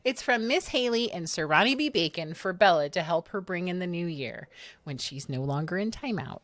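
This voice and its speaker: Casting note: female co-host, casual chat, teasing, a bit low for a woman. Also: expressive, moderate pace, fairly bright tone. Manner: playful, teasing. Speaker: livestream co-host.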